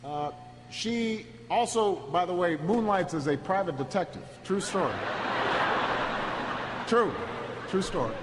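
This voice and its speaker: Man, high voice, speech storyteller, stop-start delivery with repeated words, echoey hall recording. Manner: halting, repeats words at restarts; builds to a rousing, shouted close. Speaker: political speaker. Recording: echoey hall with steady background noise.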